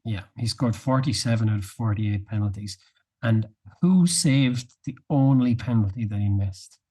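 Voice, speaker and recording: Male podcast co-host, warm dark timbre, a little husky, wry and unhurried quizmaster. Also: fairly low pitch. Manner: quizzing, measured, wry. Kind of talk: casual podcast chat.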